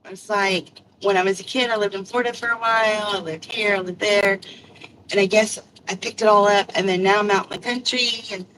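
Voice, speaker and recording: A woman's voice: medium pitch, fairly even intonation, a little fast, fairly bright tone. An older woman from Kentucky with a country accent, chatting in a rambling, self-deprecating way while she drives for deliveries and streams live. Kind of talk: casual chat. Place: in a car while driving. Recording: distant phone mic with faint road noise.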